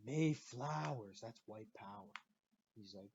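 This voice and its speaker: A man hosting a podcast and ranting in a profane, animated way about his own stories. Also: medium pitch, slow pace, gravelly, long pauses, slight background noise. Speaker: podcast host. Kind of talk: profane comedic rant. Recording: muffled lo-fi recording.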